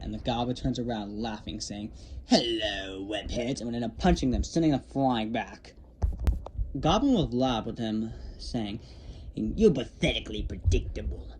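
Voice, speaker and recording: A man's voice: mid-range voice, background noise. A man casually retelling a made-up comic story in long, rambling run-on sentences. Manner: rambling, run-on narration with many "thus" and "however".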